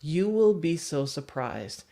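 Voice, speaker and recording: A woman's voice: deep voice, sing-song, slow, warm tone. A woman dog trainer giving a chatty livestream teaching talk and laughing often.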